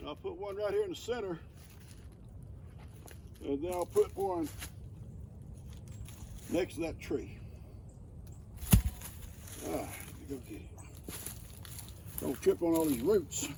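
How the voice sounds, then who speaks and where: Older male farmer-host, gravelly, animated delivery, easygoing vlog narration outdoors. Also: a little high, slow pace, long pauses, a little hiss or hum. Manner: folksy and chatty, chuckles often. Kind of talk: casual vlog narration while working. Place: outdoors by a creek on a farm.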